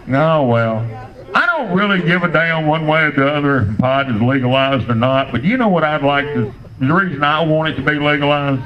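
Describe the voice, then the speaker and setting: An older man doing a standup comedy set, telling crude, rambling stories in a deadpan way. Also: a little high, a little fast, lo-fi sound.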